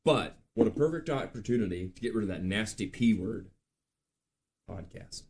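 A man in his late thirties hosting a live show, telling stories in a chatty, animated way with lots of ums and uhs. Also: lowish voice, moderate pace. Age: late 30s. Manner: chatty, animated storytelling with filler words. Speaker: podcast host. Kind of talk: casual live-stream chat.

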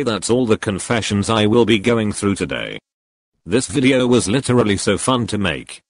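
Low, emotionless text-to-speech man. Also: no room sound. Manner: emotionless, flat synthetic delivery. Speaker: YouTuber reacting to fan confessions. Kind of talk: reading and reacting to confessions.

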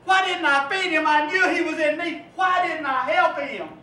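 A man's voice: extremely high pitch, moderate pace, sharp tone, pitched above the performer's own voice. A man preacher voicing a tormented rich man in hell who cries out desperately to God. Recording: echoey room, from far off.

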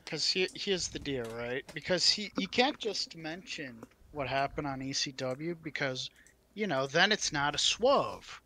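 Man with a bright, sarcastic voice. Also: on the high side, expressive, measured pace. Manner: sarcastic, jumps in to interject. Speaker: podcast co-host. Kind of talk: casual chat.

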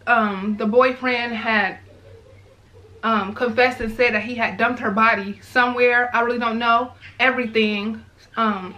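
In a casual vlog, a mother of young girls talks straight to her viewers in a high, bright, forceful voice, sharing her feelings unscripted. She's heartfelt, repeats herself and keeps calling them "y'all." The recording is low quality.

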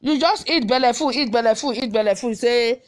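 A social media commentator, a woman with a Nigerian Benin accent, rattles off a scolding voice note in a slightly high voice at a fairly quick clip, piling up rhetorical questions one after another.

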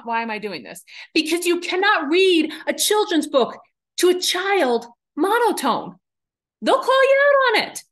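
A woman coaching public speaking in a webinar, talking in an enthusiastic, animated and emphatic way. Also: high-pitched. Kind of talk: webinar presentation.

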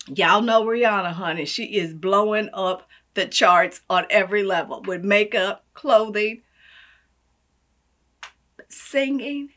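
A woman vlogging a casual unboxing, gushing and effusive, swinging between hushed asides and loud exclamations. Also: medium pitch, slow. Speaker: beauty vlogger.

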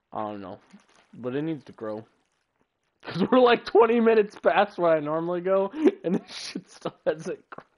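A man's voice: on the high side, animated, a little slow, pauses often. A man live-streaming a game, chatting casually and rambling through jokes as he waits on something in the game. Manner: rambling, joking, self-talking.

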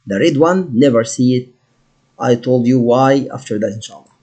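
A man with an Egyptian accent teaching a French lesson, slowly modeling each word and explaining in English. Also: medium pitch, lively intonation, darkish tone, husky. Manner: slow, patient, drawn-out modeling of words; switches between English and French. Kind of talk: recorded classroom lesson.

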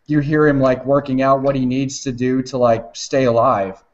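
A man's voice: medium pitch, fairly even intonation, normal speed. Rambling, swearing man with a lo-fi sound. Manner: rambling, swears often, laughs while retelling. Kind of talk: casual chat.

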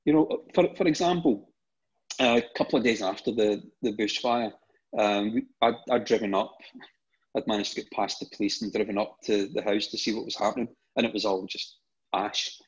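On a dull, lo-fi recording, a middle-aged Scotsman with a lowish, breathy-edged voice speaks at a normal pace. Appearing as an interview show guest, he spins casual anecdotes and keeps repeating words at the start of phrases.

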